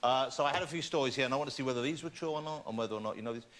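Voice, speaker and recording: A man's voice: medium pitch, very fast. A man hosting a chat show, teasing his guests in a playful, jokey way. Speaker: talk show host. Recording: studio with loud audience and noise.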